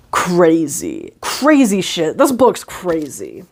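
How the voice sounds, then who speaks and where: A woman's voice: mid-range voice, wildly swooping pitch, measured pace, few pauses, a little mellow. A young adult woman giving casual, slangy, profane book commentary with lots of "like.". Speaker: book vlogger.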